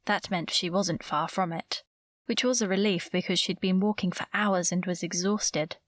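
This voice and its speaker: A woman narrating a romantic suspense audiobook in a measured, even storytelling manner, recorded close to the mic. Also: fairly low pitch, no echo. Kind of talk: scripted narration.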